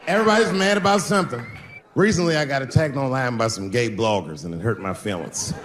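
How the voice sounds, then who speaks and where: A man doing a stand-up comedy set, telling loose stories and breaking into sudden shouts before a laughing crowd. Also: medium pitch, quick pace, in a large hall, noisy background. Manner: loose, animated storytelling with sudden shouts and put-on voices. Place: stage before a laughing audience.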